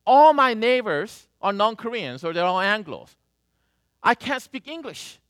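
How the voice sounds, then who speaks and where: A woman's voice: medium pitch, big pitch swings, a little slow, dry recording, studio quality, voice pushed up. A man voicing a petite Korean grandmother in her seventies, pleading in prayer and speaking broken English. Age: 70s.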